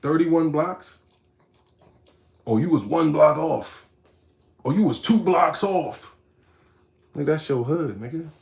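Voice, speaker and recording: A man hosting a casual live stream, reacting to a video and talking straight to his chat in street slang, animated and mocking, dropping to low mutters and then bursting out loud. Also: measured pace, gravelly, pauses often.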